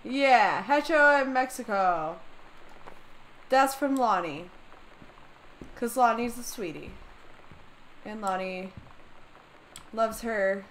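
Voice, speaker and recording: Woman gamer, high voice, unhurried delivery, foul-mouthed exasperated rants over gameplay. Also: slight background noise, rough recording. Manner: profane, exasperated ranting. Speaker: gamer playing a story game. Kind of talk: let's play commentary.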